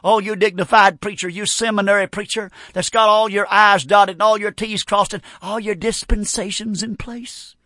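A man preaching a fervent, folksy revival sermon, breaking into shouts. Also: sits high, steady tone, normal speed, few pauses, no echo, clean studio sound. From North Carolina. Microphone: broadcast on radio.

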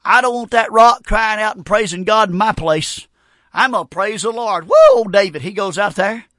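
A man preaching a fervent, folksy revival sermon, breaking into shouts. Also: sits high, sing-song, normal speed, no echo, clean studio sound. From North Carolina. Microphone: broadcast on radio.

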